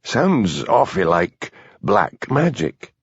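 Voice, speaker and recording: A man's voice: medium pitch, huge pitch swings, slow, breathy edge, no room sound, exaggerated voice. A man voicing a sleepy, wary village man who mumbles and grumbles. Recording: dull lo-fi audiobook recording.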